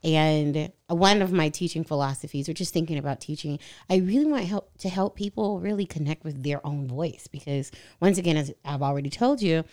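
A woman's voice: sits low, fairly quick, hardly any pauses, darkish tone. A woman voice teacher telling stories on a podcast in a casual, effusive way.

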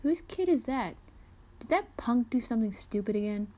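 A woman's voice: a little high, lively intonation, normal speed, warm tone. A woman voicing a blunt, protective young male soldier in a plain reading voice. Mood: gruff.

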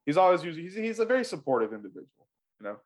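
A man's voice: fairly high pitch, very animated. Chatty man hosting a podcast. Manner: chatty, rambling with restarts, quick laughs. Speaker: podcast host and editor. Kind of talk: casual chat.

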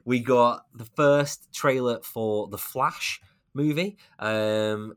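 A man's voice: mid-range voice, takes it slowly, clear, resonant tone. A man co-hosting a casual podcast, chatting about film news with wry asides and frequent laughter. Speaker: podcast co-host.

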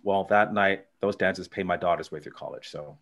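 A man's voice: deep voice, normal speed, gravelly, a bit bright. A middle-aged man doing stand-up and trading banter with the host, landing dry punchlines. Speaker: stand-up comedian.

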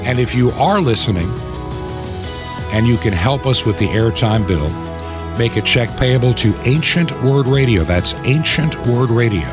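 A man's voice: medium pitch, animated, moderate pace, music in the background. A man hosting a Christian radio program, asking listeners for help and carefully repeating an address and email. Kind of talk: on-air appeal for listener support.

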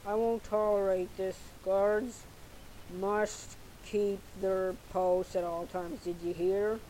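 Woman doing a fat rat prince, paranoid, bellowing, accusing, slow delivery, faint hiss. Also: mid-range voice, little pitch movement, mellow, natural voice, rough recording. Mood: angry.

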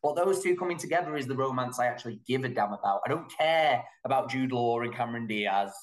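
A man's voice: medium pitch, expressive, fast talker. A man, co-hosting a podcast and gushing emphatically about films in casual chat. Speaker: podcast co-host. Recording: echoey room.

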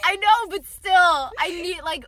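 A woman's voice: very high voice, unhurried, sharp tone, no echo. A young adult woman co-hosting a podcast, gushing and emotional in a casual chat, recorded on a phone inside a parked car. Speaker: podcast co-host.

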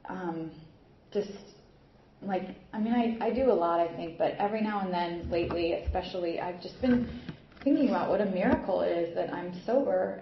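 A young adult woman giving a personal recovery talk at a meeting, rambling with many fillers and restarts. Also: fairly low pitch. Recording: muffled echoey room recording.

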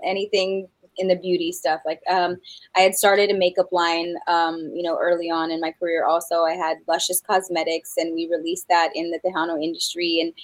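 A woman's voice: fairly low pitch, no room sound, rough recording. A middle-aged woman from New Mexico, a guest singer chatting in an interview, talking with many fillers and restarts. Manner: warm, many fillers and restarts, laughs often. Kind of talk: casual interview chat.

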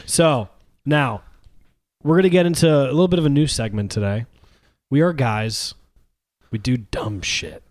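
A man's voice: mid-range voice, normal speed, pauses often, darkish tone, no echo. A man co-hosting a comedy podcast, running the segments with dry, teasing, sarcastic banter. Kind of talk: casual comedic podcast chat.

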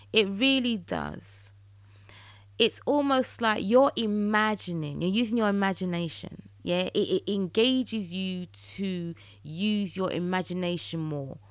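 A woman hosting a solo podcast, talking earnestly and coaching listeners through affirmations she recites slowly. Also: on the low side, no room sound. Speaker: podcast host. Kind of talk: solo podcast talk on manifestation.

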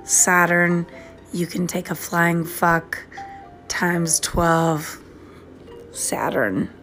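A podcast host from the US East Coast records a rambling personal voice memo over the phone, slow and meandering, sometimes drifting into whispers. Her voice is lowish, monotone, and fairly bright, with soft music in the background.

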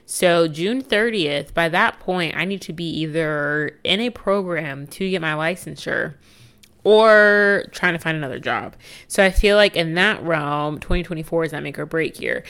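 Chatty young woman with a smooth low voice. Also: moderate pace, few pauses, a bit bright. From United States. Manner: chatty, candid, laughs easily. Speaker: podcast host. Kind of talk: casual solo podcast chat.

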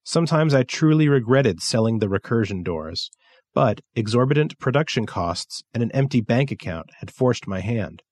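A man narrating a science fiction story in a measured, steady reading style. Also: mid-range voice, no room sound, clean studio sound. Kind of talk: scripted narration.

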